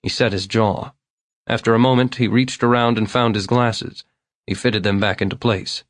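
A man narrating an audiobook in a steady, measured reading voice. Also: lowish voice, no room sound, studio quality.

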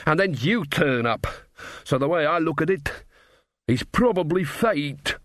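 Guy doing a frazzled dwarf king, slow and vague, higher than his own voice. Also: expressive, a bit bright, no room sound, clean studio sound. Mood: harried. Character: harried, desperate dwarf king. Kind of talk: audiobook character voice.

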